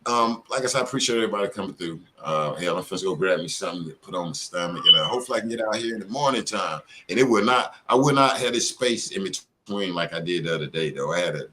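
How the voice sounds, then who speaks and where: A middle-aged man hosting a live stream with a lowish voice. He rambles casually, full of slang and profanity. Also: lively intonation, fast, hardly any pauses, bright, forceful tone.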